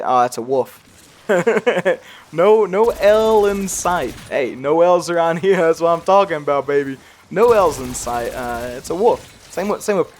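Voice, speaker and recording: A man's voice: on the high side, a little hiss or hum. A young man with a slight accent he tries to hide, giving casual gameplay commentary in a rambling, self-deprecating way with frequent laughs. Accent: slight regional accent he tries to hide. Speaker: gaming youtuber.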